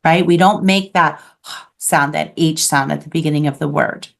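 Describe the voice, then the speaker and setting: A woman's voice: deep voice, steady tone, normal speed. A woman teaching a beginners' French class online, patiently modeling each word for her students. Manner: patient, clear modeling of pronunciation.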